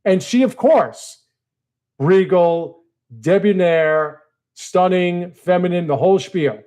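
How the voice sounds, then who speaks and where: A man ranting casually to his audience, profane and exasperated, swinging between low mutters and heated outbursts. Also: slow, a little mellow. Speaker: video creator. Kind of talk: casual rant to camera.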